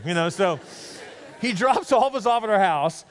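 Middle-aged male pastor, animated sermon storyteller, quick delivery, long reverb of a big hall. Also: extremely high pitch, slight background noise. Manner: animated storyteller acting out quoted voices.

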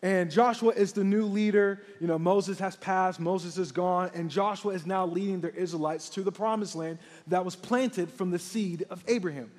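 A young man from Texas preaching a lively sermon as a middle school pastor, energetic and calling out to the congregation. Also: high-pitched, moderate pace, few pauses. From San Antonio, Texas. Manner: energetic, hype, calls out to the congregation. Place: large church hall. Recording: live church hall with long reverb.

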